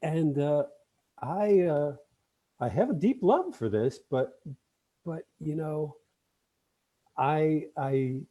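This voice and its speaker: Mellow, husky man; halting guest chatter, lots of fillers. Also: a little high, lively intonation, dull audio. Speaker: podcast guest. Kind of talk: casual chat.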